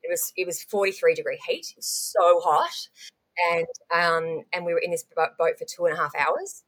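A young Australian woman telling a story as a guest in casual conversation, full of ums and restarts. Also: lowish voice. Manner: animated, rapid recounting with frequent ums and restarts.

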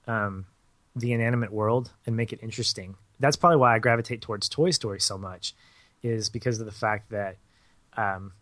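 A man's voice: lowish voice, fairly bright tone, no echo. A man co-hosting a podcast, chatting casually in a thoughtful, somewhat hesitant way. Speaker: podcast co-host.

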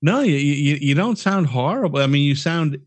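A man's voice: a little high, animated, normal speed, no room sound. A man co-hosting a podcast in casual chat, joking and teasing, often stumbling and restarting his sentences. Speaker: podcast co-host.

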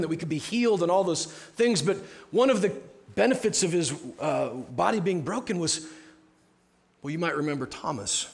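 A man preaching a sermon as pastor in a conversational way, often dropping to a soft, hushed tone. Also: sits high. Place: church sanctuary.

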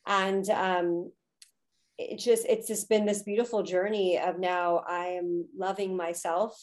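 A woman's voice: on the low side, little pitch movement, a little slow. A woman in her thirties, a podcast guest, telling a personal story in a candid, emotional way with frequent fillers. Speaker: podcast guest, spiritual teacher.

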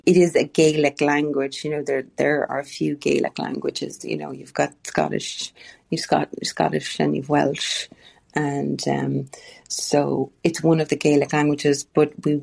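An Irish woman, an author guest, chatting in an animated storytelling way in an interview. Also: low-pitched, unhurried, gravelly. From Ireland. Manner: animated storyteller, frequent restarts. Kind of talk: casual interview chat.

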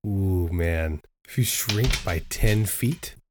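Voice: deep voice, slow, noisy background. A tabletop game player making laid-back joking remarks. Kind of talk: casual tabletop game play.

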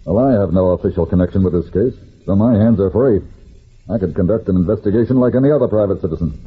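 Dick Tracy, a husky, deep detective. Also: male voice, quick pace. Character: calm, determined male detective. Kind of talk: 1940s radio acting. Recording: tinny old radio broadcast.

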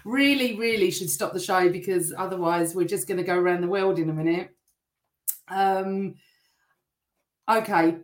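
A middle-aged woman hosting a live stream, chatting and greeting viewers by name while reading their comments, her voice still a little rough. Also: lowish voice, normal speed, pauses often, echoey room.

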